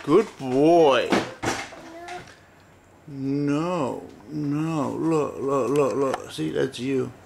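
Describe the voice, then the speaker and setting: A man talking to his baby son at home, playful and gently scolding, repeating words over and over. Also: mid-range voice, very slow, creaky. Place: at home, indoors. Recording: noisy home camcorder recording.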